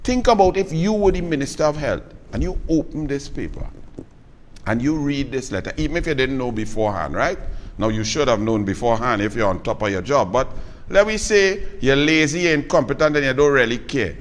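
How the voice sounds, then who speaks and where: A man with a Trinidadian accent hosting a live political talk show, telling stories in lively Creole and mocking his opponents. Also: mid-range voice, fairly quick, slight background noise. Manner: animated Creole storytelling, scornful toward opponents. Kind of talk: live political commentary and storytelling. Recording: long reverb.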